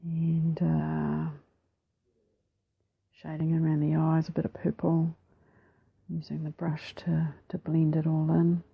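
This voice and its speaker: A woman with a New Zealand accent narrating her craft process over a time-lapse, soft-spoken and relaxed, often slipping into a whisper, a little self-deprecating. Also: deep voice, takes it slowly, gravelly, long pauses, breathy edge, dry recording, phone-quality sound. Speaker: mixed media artist.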